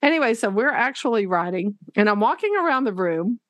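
A woman teacher, telling classroom stories in a casual, animated way and acting out what people said. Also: a little high, a little fast, no room sound. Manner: animated, laughing, acts out quotes. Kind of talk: casual storytelling interview.

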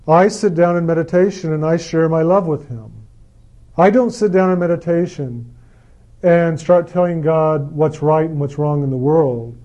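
A man giving a gentle, repetitive spiritual talk about meditation and enthusiasm. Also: fairly high pitch, lo-fi sound. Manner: gentle, repetitive, acts out quoted lines with mock enthusiasm. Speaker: spiritual speaker.

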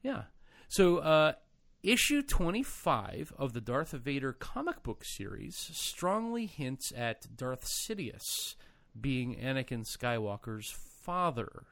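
Bright, quick-joking male podcast host. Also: mid-range voice, sing-song, creaky, dry recording. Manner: playful, quick joking delivery with many fillers. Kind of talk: casual podcast chat.

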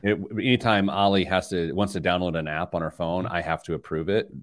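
A middle-aged man hosting a money radio show, telling stories in lively banter that gets loud when he's excited. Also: deep voice, fairly quick. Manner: animated storyteller, rising loud when excited. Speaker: radio show host, financial planner. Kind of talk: casual studio banter.

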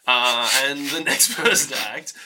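A man's voice: mid-range voice, a little slow, sharp tone. A man narrating as game master of a tabletop game, laughing often as he describes the action.

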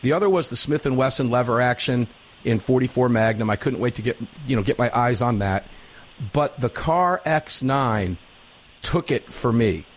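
An energetic middle-aged man hosts live talk radio in an ordinary mid-range voice. He is folksy and upbeat, drawing out words when he wants to drive a point home. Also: mid-range voice, moderate pace. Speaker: radio talk show host.

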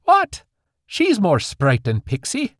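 A man's voice: medium pitch, wildly swooping pitch, fairly quick, a little mellow, no echo, voice pushed up. A blunt, jovial old fairy grandfather from a storybook, with a thick brogue and a stubborn, defensive streak, as a male narrator puts him on. The voice sits well above the narrator's own, brash and boisterous, in a dry, close recording.

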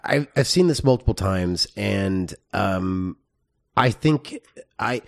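A man co-hosting a podcast, chatting casually about films in a halting way with many restarts. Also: on the low side, lively intonation, gravelly. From United States. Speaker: podcast co-host. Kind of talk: casual movie review chat.

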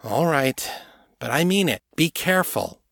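A man's voice: fairly high pitch, expressive, unhurried, gravelly, fairly bright tone, no echo, clean studio sound, voice pushed up, exaggerated voice. A man voicing a tough young woman warrior who talks bluntly and sardonically. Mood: wry.

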